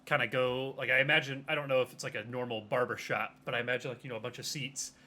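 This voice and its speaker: A man's voice: medium pitch, steady tone, fast, bright, forceful tone. A man playing a tabletop game, talking casually and rambling with many fillers. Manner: rambling, lots of "like". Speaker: player. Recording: faint background noise.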